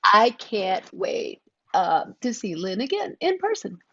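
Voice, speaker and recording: A woman's voice: mid-range voice, very animated, slow, fairly bright tone, slight background noise. A woman co-hosting a true-crime livestream, chatting casually and greeting viewers by name with bubbly energy. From Oklahoma. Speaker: podcast co-host. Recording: dull lo-fi stream audio.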